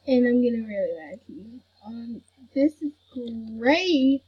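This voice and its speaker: A woman's voice: fairly high pitch, moderate pace, husky, highs cut off. A woman hosting a gaming channel, chatting casually over gameplay and grumbling that she is not mad. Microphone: computer recording mic.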